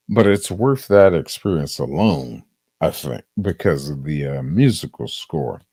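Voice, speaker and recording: A man's voice: very deep voice, lively intonation, unhurried, darkish tone, breathy edge, dry recording. A man streaming a casual, profane movie review, rambling and leaning on "um" and "uh". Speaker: live streamer.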